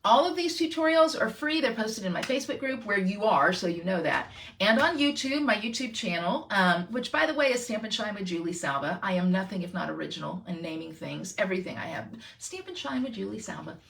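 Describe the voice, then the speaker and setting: A woman's voice: mid-range voice, animated, brisk, vocal fry, a bit bright, slightly rough. A middle-aged woman, chatting through a craft tutorial and talking straight to her viewers. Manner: bubbly, self-deprecating, talks to viewers. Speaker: crafting channel host.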